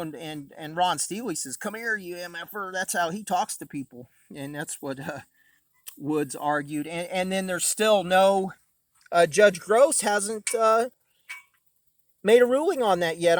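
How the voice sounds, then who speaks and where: A vlogger with a high-pitched voice talks a little slowly in a casual, aggrieved monologue full of filler words. He films outdoors on a phone beside a camper at home, and there's no room sound.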